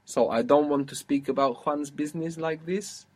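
A man's voice: on the high side, normal speed, darkish tone. A man teaching a spoken language lesson, patiently explaining step by step and encouraging his student.

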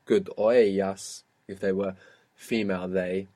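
A man's voice: low-pitched, little pitch movement, measured pace, dark tone. Patient man teaching a language lesson. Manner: patient, prompting the student step by step.

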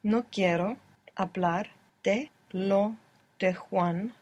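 Breathy woman learning a language. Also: medium pitch, slow pace, darkish tone, dry recording, highs cut off. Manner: tentative, thinks aloud while answering. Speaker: language student. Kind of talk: learner answering in a lesson.

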